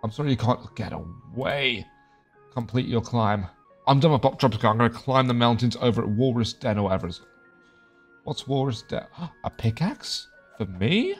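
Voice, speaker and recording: A young man chats his way through a video game, cracking jokes and reading on-screen lines aloud. His voice sits at a medium pitch. Faint background music plays under the commentary. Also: moderate pace. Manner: chatty, jokey, reads game dialogue aloud. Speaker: gaming video creator. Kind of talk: casual let's-play commentary.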